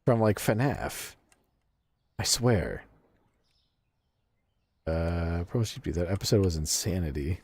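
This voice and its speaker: A man's voice: low voice, lively intonation, takes it slowly, long pauses, a little mellow, breathy edge, dry recording. A man streaming a game and casually chatting with his viewers, swearing freely and laughing often. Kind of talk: casual game livestream chat, reading chat aloud.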